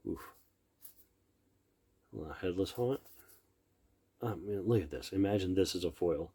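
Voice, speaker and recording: Slow, low-voiced middle-aged man murmuring. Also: warm tone, breathy edge. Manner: murmurs card names, admiring, trails off mid-sentence. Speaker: card collector opening packs. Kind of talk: casual unboxing commentary.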